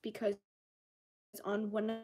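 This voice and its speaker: A woman's voice: medium pitch, completely flat delivery, unhurried, mellow. A young woman ranting angrily and with lots of swearing in a casual vlog, exasperated and fed up. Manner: angry, profane, exasperated.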